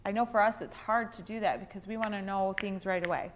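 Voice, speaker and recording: A woman's voice: medium pitch, steady tone, quick pace, a little hiss or hum. A woman in her thirties teaching a women's church class, telling a personal story and acting out the quoted lines.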